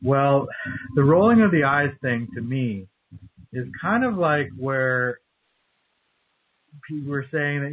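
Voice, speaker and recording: A male caller who stumbles, restarts and repeats himself as he talks. His voice is slightly husky. He comes through a thin phone line with a dry sound. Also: fairly high pitch, lively intonation. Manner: halting, with repeated words and restarts. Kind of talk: casual call-in chat.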